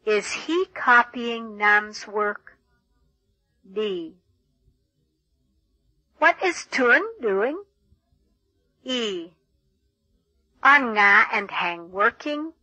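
A woman reads a textbook passage in a clear, deliberate way. Her voice is bright and lively in pitch, and she takes it slowly. The sound is dry and close. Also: no room sound, rough recording. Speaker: textbook audio reader. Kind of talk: scripted textbook narration.

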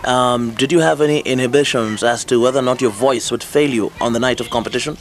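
Male TV host, mid-pitched, measured and formal questions. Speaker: TV show host, interviewer. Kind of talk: interview questions and links.

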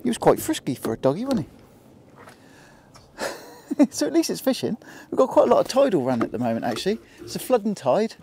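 A man's voice: sits high, huge pitch swings, a little fast, creaky, pauses often, warm tone, slight background noise. A man with a Hampshire accent giving easygoing running commentary while fishing from a small boat, chatting to the fish and the viewer. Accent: Hampshire English. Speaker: angler vlogger.

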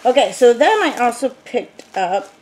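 A woman's voice: a little high, sing-song, moderate pace, darkish tone. Chatty woman rambling through an unboxing. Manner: rambling, thinks aloud, many ums. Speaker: beauty vlogger. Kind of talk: casual unboxing chat.

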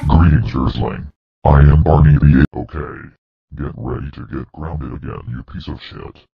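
Furious male dinosaur, rumbling deep and husky, robotic flat read, dry close sound. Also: unhurried, no echo, dull audio, full character voice. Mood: menacing. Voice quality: very deep, gravelly synthetic voice. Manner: flat robotic text-to-speech delivery. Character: furious male purple dinosaur scolding the user.

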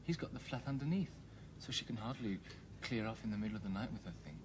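An actor playing an apologetic young grandson who rambles hesitantly. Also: male voice, on the low side, lively intonation, fast, a little mellow, a little hiss or hum, lightly acted. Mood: worried. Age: young adult.

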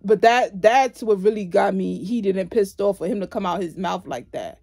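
A woman's voice: medium pitch, normal speed, a little mellow. A woman telling a personal story in a casual vlog, sassy and indignant, speaking straight to the listener.

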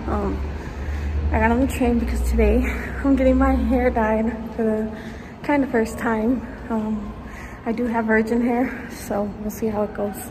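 A vlogger in her twenties chats casually and directly to her viewers, using lots of fillers. Her voice is on the high side, with background noise and music behind her.

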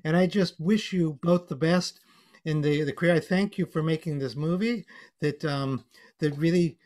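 A man, an emcee and storyteller, hosts a casual online panel over a video call, telling a joke and signing off with playful wordplay. His voice is a little high and darkish in tone, at normal speed.

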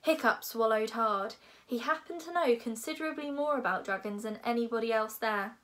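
A woman reading a children's novel aloud in a lively, expressive way. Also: a little high, normal speed. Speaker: reader.

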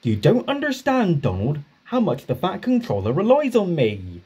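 A man's voice: high voice, wildly swooping pitch, normal speed, dark tone, slightly rough, voice pushed up, full character voice. A man voicing an earnest, proud little steam engine. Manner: earnest, polite, self-important.

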